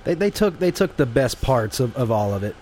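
A man at a medium pitch, chatting on a podcast in a halting, stop-start way with lots of fillers. Faint background noise sits under his voice. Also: big pitch swings, a little mellow. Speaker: podcast co-host. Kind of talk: casual chat.

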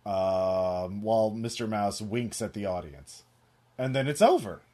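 A man narrating as game master, rambling with many fillers and pauses. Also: fairly low pitch, lively intonation, warm tone.

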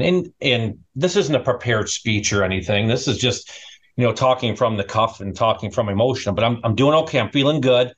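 A man's voice: medium pitch, fairly quick. Rambling middle-aged man, muffled lo-fi sound. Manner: animated, rambling, repeats words. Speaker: award-winning restaurant owner, guest. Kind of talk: casual storytelling. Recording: dull lo-fi sound.

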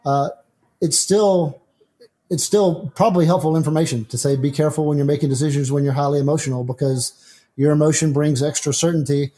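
A middle-aged man with a soft, mellow tone that sits slightly high for a male voice. He talks things through as a guest in a relaxed discussion, reaching for homely examples from daily life. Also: fairly quick. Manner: thinks aloud with homespun examples. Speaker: atheist guest. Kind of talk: conversational discussion.

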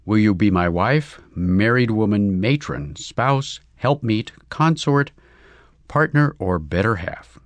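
A man voicing a bashful young English gentleman who speaks in long, florid declarations, in a storybook reading. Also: lowish voice, expressive, slow, dry recording. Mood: ardent.

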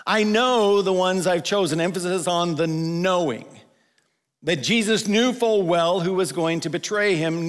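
A pastor in his own voice delivers a sermon in a relaxed, conversational way. His voice sits a little higher than most men's. He slows right down to lean on the scripture he quotes, and the sound carries the long reverb of a large sanctuary. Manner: conversational preaching, quotes scripture with slowed emphasis.

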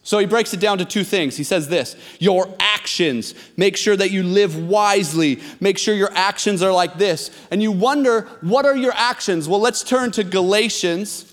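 Animated pastor preaching in a reverberant hall. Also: male voice, high voice, normal speed, hardly any pauses. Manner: animated, self-deprecating, acts out quotes loudly. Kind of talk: sermon with personal storytelling. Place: church sanctuary.

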